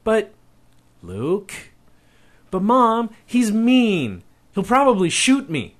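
Man doing a young boy, high-pitched, whiny, rushed, pleading, storybook reading. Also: expressive, a bit bright, full character voice.

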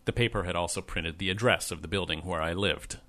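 A young adult man narrating a first-person memoir in a wry, measured, plain-spoken way. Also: sits low, bright, forceful tone. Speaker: audiobook narrator.

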